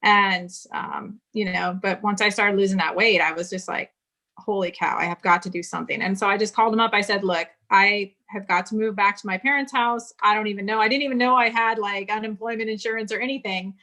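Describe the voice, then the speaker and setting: Woman in her 40s from California, interview guest, bright and forceful tone, recounts her past frankly. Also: medium pitch, fairly even intonation, brisk, hardly any pauses. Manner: candid storytelling, quotes others in dialogue. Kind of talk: casual interview conversation.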